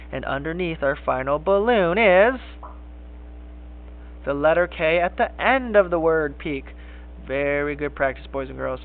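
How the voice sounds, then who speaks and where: A man teaching a kindergarten phonics lesson, speaking slowly and encouragingly in sing-song teacher talk. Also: high voice. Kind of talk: recorded classroom phonics lesson. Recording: tinny phone-like lo-fi sound.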